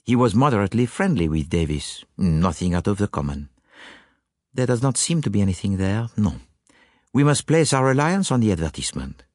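A man's voice: lowish voice, fairly quick, dry recording, studio quality. A man playing Hercule Poirot, fussy French-accented detective. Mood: matter-of-fact. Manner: excitable, indignant, theatrical. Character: fussy proud Belgian detective, middle-aged man.

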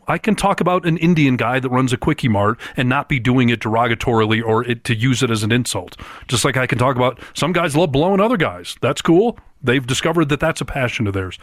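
Male podcast co-host, forceful and opinionated, mid pitch, dry close recording. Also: a little fast, hardly any pauses, no room sound. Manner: emphatic, argumentative. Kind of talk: casual opinionated chat.

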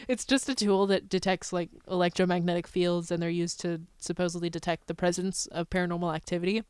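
A woman's voice: lowish voice, a little fast, clear, resonant tone, no echo, clean studio sound. A young woman co-hosting a podcast, telling a ghost story in casual chat, laughing often as she goes. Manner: giggly, animated storyteller. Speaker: podcast co-host.

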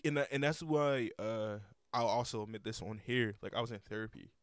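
A man's voice: fairly low pitch, fairly quick, no echo, clean studio sound. A young man hosting a casual podcast, rambling with lots of repeated words and cursing freely. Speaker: podcast host.

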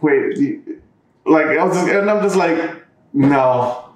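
A man's voice: on the high side, moderate pace, echoey room, rough recording. A man who works as a bartender, telling a long story in casual chat with lots of restarts and fillers. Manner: rambling, many restarts and fillers. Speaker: bartender, podcast co-host.

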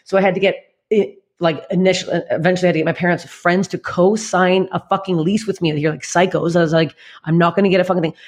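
Fast-talking blunt woman comedian. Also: lowish voice, husky. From Canada. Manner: blunt, swears constantly, animated retelling. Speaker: guest comedian. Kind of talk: candid podcast storytelling.

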